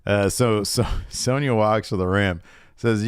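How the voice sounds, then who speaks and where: A man co-hosting a casual wrestling recap, animated, acting out wrestlers' lines and laughing often. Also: on the low side, unhurried, clear, resonant tone, no echo, clean studio sound. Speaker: podcast co-host.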